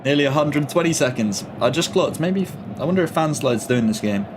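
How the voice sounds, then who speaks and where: A man's voice: fairly high pitch, lively intonation, a little fast, noisy background. A young man chatting casually on a live football watch-along stream, full of slang and reading comments from his chat. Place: home. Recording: faint music behind.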